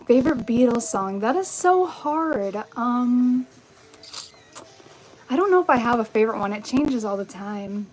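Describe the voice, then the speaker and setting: A woman's voice: a little high, poor audio. A young woman chatting casually through a live-stream Q&A, upbeat, with many likes and ums, on a phone held at arm's length in her bedroom. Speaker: vintage fashion YouTuber. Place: bedroom with vanity. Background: faint music.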